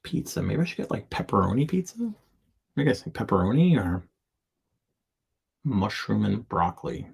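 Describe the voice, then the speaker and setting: In a lowish, gravelly, husky voice with a sing-song lilt, a man hosts a live show at a moderate pace, leaving long pauses. He reads viewers' product listings aloud in fragments and gives candid, chatty feedback laced with asides and jokes.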